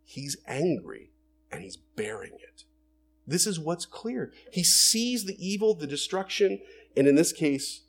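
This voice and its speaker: Lively, earnest male preacher. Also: fairly high pitch, husky. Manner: earnest, rising to emphatic bursts, acts out quoted lines. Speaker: pastor. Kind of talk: sermon.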